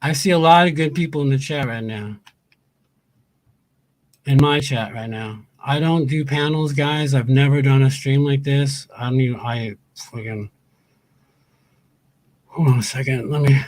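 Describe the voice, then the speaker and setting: A man's voice: medium pitch, moderate pace, pauses often, darkish tone. A man ranting on a livestream, angry and profane, repeating his points over and over. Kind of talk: heated livestream rant.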